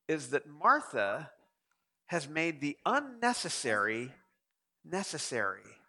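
Lively, high-voiced male preacher. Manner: rhetorical questions to the congregation. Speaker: pastor. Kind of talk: sermon.

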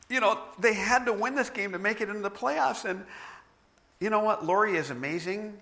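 A man's voice: high-pitched, sharp tone. A middle-aged man preaching a sermon, telling stories with self-deprecating humor. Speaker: pastor.

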